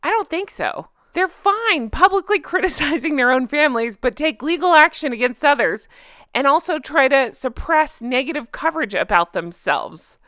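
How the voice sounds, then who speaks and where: A woman's voice: high-pitched, lively intonation, normal speed, pushed and bright, dry recording, studio quality. A middle-aged woman hosting a commentary vlog, talking in a heated, indignant way and reading viewer comments aloud. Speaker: commentary channel host.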